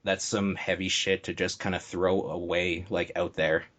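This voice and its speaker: A man's voice: deep voice, flat delivery, moderate pace, fairly bright tone. A man hosting a casual podcast, blunt and joking, swearing freely. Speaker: podcast host.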